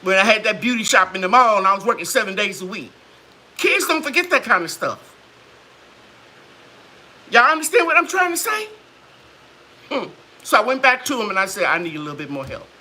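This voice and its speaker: A woman hosts a casual live chat, telling stories in a lively, preachy way and acting out the quotes. Her voice is on the high side, her pace is normal, and she leaves long pauses.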